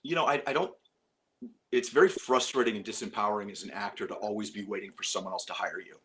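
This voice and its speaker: A middle-aged man, an actor, talking casually in an interview, animated and full of restarts. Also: lowish voice, quick pace. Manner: animated storytelling with frequent restarts. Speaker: actor guest.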